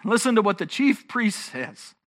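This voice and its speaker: A man's voice: high voice, big pitch swings, normal speed, fairly bright tone. A man preaching a sermon as pastor, earnest and emphatic, often restarting his phrases.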